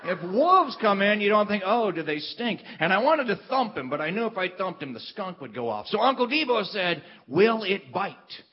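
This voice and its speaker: Male comic storyteller, high-pitched voice, animated and self-mocking, dull lo-fi recording. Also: brisk, few pauses, a little hiss or hum. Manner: animated, self-deprecating, shifts into character voices. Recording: dull lo-fi sound.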